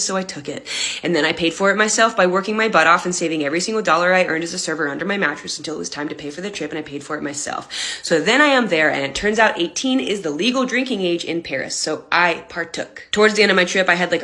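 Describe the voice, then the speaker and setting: A woman telling a comedic personal story in an animated, self-deprecating way, with laughs between lines. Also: lowish voice. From United States.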